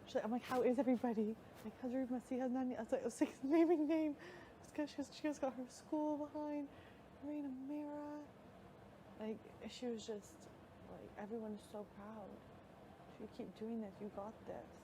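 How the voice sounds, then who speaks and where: Excitable young woman chatting casually. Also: high-pitched, fairly quick. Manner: excitable, quotes others in animated voices. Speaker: reality show houseguest. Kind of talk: casual chat. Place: live feed house recording. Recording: noisy live feed audio.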